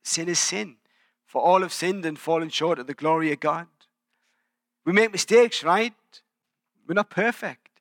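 A man's voice: sits high, pushed and bright, no echo, studio quality. A man in his forties with an English accent, preaching a sermon in a church and telling personal stories in a conversational, self-deprecating way. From England. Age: 40s. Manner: conversational, self-deprecating storytelling with frequent restarts. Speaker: pastor.

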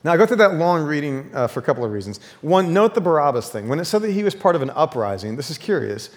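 Male preacher, sermon, conversational, rhetorical questions, fairly high voice, long hall reverb. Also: very animated, fast talker. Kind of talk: sermon with scripture reading.

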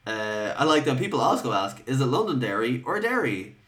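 A man's voice: medium pitch, very animated, brisk, a bit bright. Sweary Irish man chatting casually. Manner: sweary, rambling, self-mocking. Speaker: podcast co-host. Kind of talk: casual chat.

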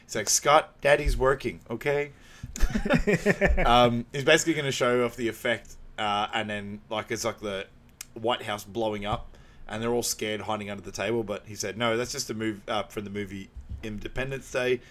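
Male podcast co-host, casual recap, giggly, loud when quoting scenes. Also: lowish voice, moderate pace. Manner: laughs often, bursts into loud excited quotes of film lines. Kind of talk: casual movie recap chat.

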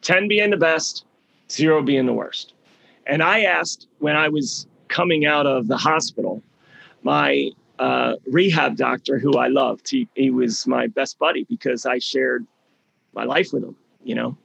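A middle-aged man giving a motivational talk, his voice deeply gravelly and husky. He tells stories with emphasis, doubling words to drive a point home. The sound is close and dry, with no room around it. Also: unhurried, a bit bright, dry recording. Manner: emphatic storytelling, repeats words for stress. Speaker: healing program leader.

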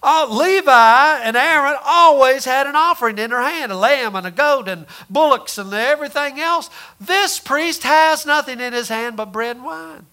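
A man preaching a sermon in a folksy way, full of rhetorical questions and repeated words, rising loud and dropping soft. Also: extremely high pitch, moderate pace, few pauses.

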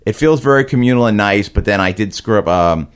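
Deep-voiced new york guy, brooklyn queens accent, halting comedian chat full of likes and ums. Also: lively intonation, clean tone. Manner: hesitant, halting with many fillers. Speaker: comedian guest. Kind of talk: casual chat.

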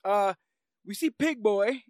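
A high-voiced man chats casually on a movie podcast and walks through the plot with dry, joking asides. His voice sounds close and dry, with no room around it. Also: lively intonation, takes it slowly, darkish tone, no echo. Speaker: podcast co-host. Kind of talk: casual movie review chat.

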